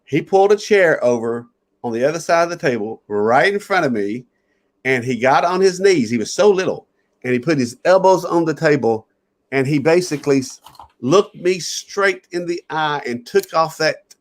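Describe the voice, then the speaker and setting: A man's voice: a little high, expressive, normal speed. A man who is a pastor, earnestly telling a personal story in an interview and chuckling at times.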